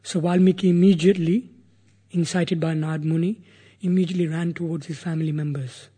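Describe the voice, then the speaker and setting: A man's voice: on the high side, brisk, breathy edge. A man earnestly retelling a sacred epic as a sermon, acting out the characters' words. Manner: earnest, animated, voices the characters. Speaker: religious storyteller.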